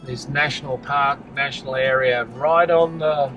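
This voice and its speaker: A relaxed man narrates a drive through a desert park in an easygoing, enthusiastic way, his voice in a middle range. He sits a little back from the mic inside the car, with clear music playing over him. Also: medium pitch, unhurried, far from the mic, lo-fi sound. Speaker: travel vlogger. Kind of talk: casual travel commentary. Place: car, driving.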